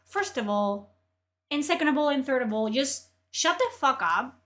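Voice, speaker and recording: High-voiced woman ranting, voice strained. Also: lively intonation, a little fast, fairly bright tone. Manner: profane, exasperated ranting. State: strained voice from yelling. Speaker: streamer. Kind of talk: ranting livestream commentary.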